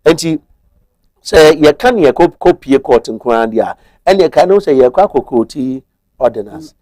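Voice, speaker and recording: A man's voice: a little high, sing-song, normal speed, warm tone, no room sound. A man with a Ghanaian accent explaining marriage law on a talk show, methodical and switching between Twi and English.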